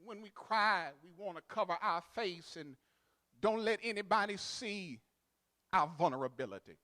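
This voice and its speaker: High-voiced man. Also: expressive, moderate pace. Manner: builds to loud, sung preaching cadence, then drops to quiet storytelling. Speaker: pastor. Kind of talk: sermon.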